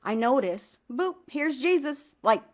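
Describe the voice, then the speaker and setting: A woman tarot reader talking casually to her viewers about spiritual home cleansing, earnest and enthusiastic, with slangy asides and slow, heartfelt prayer recitation. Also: sits high, lively intonation. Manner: recites prayer lines slowly with feeling. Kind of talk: casual spiritual talk to camera.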